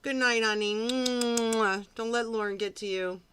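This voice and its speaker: A woman co-hosting a podcast, reacting to a recorded call in a sarcastic, expressive way. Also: fairly high pitch, a little slow, slight background noise. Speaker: podcast co-host.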